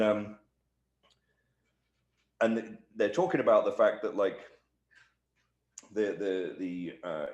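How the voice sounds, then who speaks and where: A man giving a shoot interview, telling a backstage anecdote with lively, acted-out quotes. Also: lowish voice. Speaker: interview guest, wrestler. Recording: echoey room.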